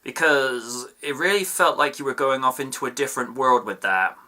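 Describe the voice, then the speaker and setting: A man reviews a cartoon episode in a casual video. He wanders into playful asides as he goes. His voice is bright and tense, at a middling pitch. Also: normal speed. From United Kingdom. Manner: chatty, with playful asides and digressions.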